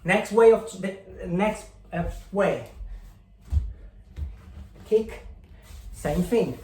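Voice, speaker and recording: A man's voice: sits high, expressive, very slow, darkish tone. A man teaching capoeira, counting and calling out the moves as he demonstrates them, drifting on and off the mic as he moves. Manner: drifts on and off mic while moving. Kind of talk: instructional demonstration. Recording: echoey room, faint noise.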